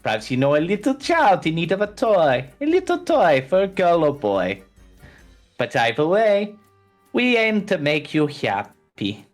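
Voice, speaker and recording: A man's voice: a little high, wildly swooping pitch, unhurried, soft background music. A man voicing an eerie, cheerful male toymaker with sing-song salesman patter and broken phrasing. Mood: welcoming.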